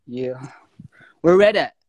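A man's voice: mid-range voice, lively intonation, slow pace, a little mellow, highs cut off. A man joining a casual livestream as a guest, needling the host with teasing questions.

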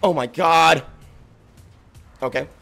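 A young male streamer calls out his own gameplay in a high, bright voice with a gravelly edge, swinging from low mutters to all-out yells. He swears freely and runs out of breath. Faint music plays underneath. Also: slow pace. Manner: excitable, swings from muttering to yelling, swears a lot. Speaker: gaming streamer. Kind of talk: frantic live gameplay commentary.

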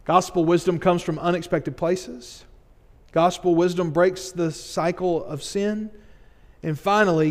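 A male pastor preaching a sermon earnestly, with quick asides where he acts out everyday moments. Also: high-pitched, steady tone. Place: church sanctuary. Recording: long hall reverb.

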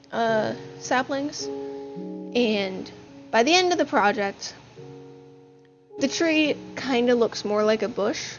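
Chatty woman narrating a game, music behind. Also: a little high. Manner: chatty, upbeat, with fillers. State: out of breath. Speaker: gaming channel host. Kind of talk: casual gaming narration. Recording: dull lo-fi sound with music behind.

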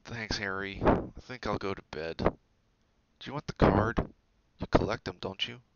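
A timid young schoolboy, as a male reader puts him on speaks shakily and mumbles. It sits near the reader's gravelly voice in a storybook reading. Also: fairly low pitch, fairly even intonation, measured pace, dry recording, lo-fi sound. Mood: shaky. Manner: shaky, mumbling.

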